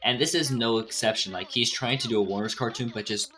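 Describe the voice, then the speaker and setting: A man in casual chat as a podcast guest, calmly informative about animation history. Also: mid-range voice, fast.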